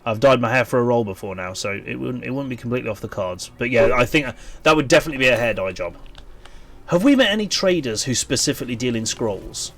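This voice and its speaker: A man's voice: medium pitch, expressive, fast, fairly bright tone. Chatty Welsh man streaming a game. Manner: chatty, rambling, thinks aloud with many ums. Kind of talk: casual live-stream chat while gaming.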